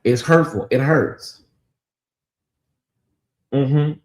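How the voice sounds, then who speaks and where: A man's voice: medium pitch, extremely slow, a little mellow. A man with a Southern US accent hosting a casual livestream, talking straight to his viewers and reading out and answering their chat. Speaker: livestream host.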